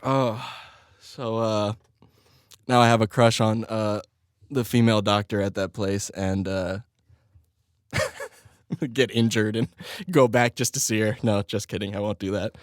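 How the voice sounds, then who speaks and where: A man's voice: on the low side, steady tone, measured pace, long pauses, dry recording, clean studio sound. A young man hosting his own podcast, telling a crude, self-mocking story in casual chat and laughing often. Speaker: podcast host.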